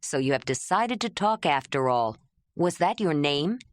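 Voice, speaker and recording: A woman reading an audiobook puts on a patient young man with a lowered voice, dry and close. He coaxes gently and shapes each word slowly and clearly, earnest and kind. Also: very animated, no echo. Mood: curious. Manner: coaxing, speaks slowly and clearly.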